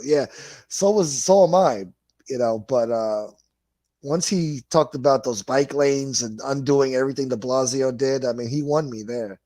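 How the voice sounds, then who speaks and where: New guy ranting on his livestream, swears a lot, mid-pitched voice, dry sound. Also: measured pace, warm tone, no room sound. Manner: blunt, profane, rambling. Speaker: livestream host. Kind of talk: casual livestream chat.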